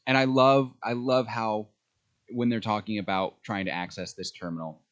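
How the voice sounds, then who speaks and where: A man co-hosting a podcast, chatting casually and excitedly about a show, with many ums. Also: lowish voice, normal speed, highs cut off. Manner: enthusiastic fan talk with frequent fillers. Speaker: podcast co-host. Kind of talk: casual chat.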